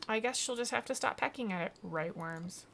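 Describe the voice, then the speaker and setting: A woman's voice: on the high side, lively intonation, brisk, gravelly, a bit bright, a little hiss or hum, pitched above the performer's own voice. Woman doing a theatrical, genteel game alchemist. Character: courtly eccentric alchemist in a bird-nest hat.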